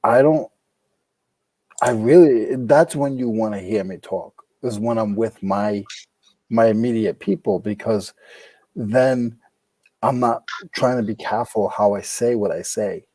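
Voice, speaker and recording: A man's voice: lowish voice, a little slow, mellow, no echo. A man from New England with a Rhode Island accent, joking in a laid-back casual chat on a podcast.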